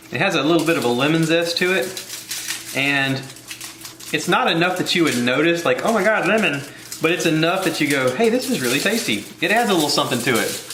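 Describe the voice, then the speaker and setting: A man's voice: fairly high pitch, echoey room, noisy background. A man hosting a casual cooking video from his home kitchen, rambling and joking at his own expense. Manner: rambling, jokey, self-deprecating.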